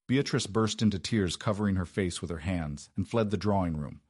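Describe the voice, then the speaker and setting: Man, narrator, scripted narration, measured, dramatic, low, dry. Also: a little mellow, breathy edge, no room sound.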